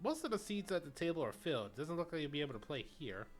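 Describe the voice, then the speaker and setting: A woman's voice: low voice, sing-song, fast. A woman streamer reading a video game's story aloud in a casual way. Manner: casual, reads story text then chats. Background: faint game music.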